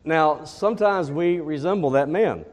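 A man preaching a sermon, reading scripture, praying and telling a lively story that builds to emphatic questions. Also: fairly high pitch, unhurried. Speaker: pastor. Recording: long hall reverb.

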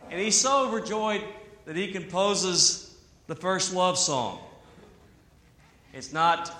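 A man preaching a sermon in an animated way, with humor and asides. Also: high voice, takes it slowly, long pauses. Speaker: pastor. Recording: echoey hall.

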